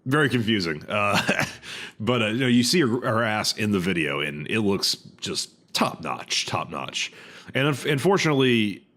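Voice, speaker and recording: A man co-hosting a casual podcast who jokes around and talks in halting bursts, restarting his words. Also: on the low side, lively intonation, fairly bright tone. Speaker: podcast co-host.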